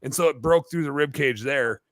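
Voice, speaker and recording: A man telling a long story as a podcast guest, animated and full of fillers in casual chat. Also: mid-range voice, normal speed, dry recording. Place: bar-themed podcast set.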